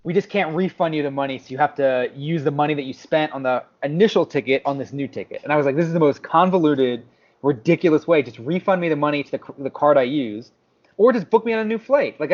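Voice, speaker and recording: A podcast co-host's fairly high voice moves quickly as he tells a story in relaxed conversation. He acts out quotes in an animated way, and the lo-fi recording sounds a little dull.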